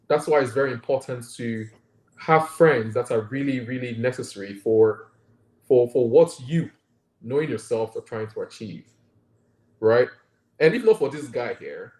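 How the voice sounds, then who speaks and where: A man with a Nigerian accent, a guest doctor, gives earnest, reflective answers in a conversational interview and often checks in with "right?". His mid-range voice has a darkish tone, and the recording has a roomy echo.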